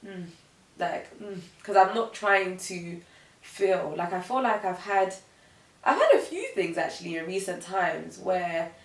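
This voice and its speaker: A woman's voice: lowish voice, a little slow, reverberant, far from the mic, rough recording. A woman in her twenties, a guest chatting casually and reflectively, with lots of fillers. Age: 20s. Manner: relaxed, reflective, uses many fillers. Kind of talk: casual chat.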